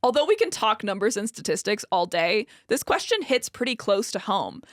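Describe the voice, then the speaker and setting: A woman hosting a casual podcast, reading a listener's story aloud in an animated way and laughing easily. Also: mid-range voice, normal speed, no echo.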